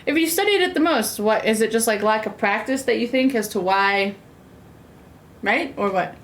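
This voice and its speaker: A woman's voice: fairly high pitch, lively intonation, normal speed. Sassy, rambling young American woman. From United States. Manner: rambling, sassy, lots of "like" fillers. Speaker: streamer cooking and chatting with viewers. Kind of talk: casual live-stream chat.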